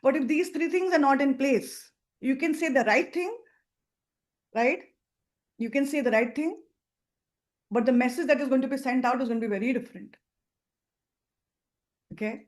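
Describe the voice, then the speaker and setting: A woman's voice: high-pitched, normal speed, pauses often. A woman with an Indian English accent giving an emphatic sales training talk, acting out example phone calls. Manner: acts out phone calls in lively voices, emphatic and instructive. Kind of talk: training talk to a seminar audience.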